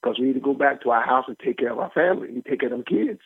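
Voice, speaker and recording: A man preaching a radio sermon as pastor and host, animated and folksy, often laughing as he teaches. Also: medium pitch, very fast, breathy edge, no echo. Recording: tinny phone-like line, dry.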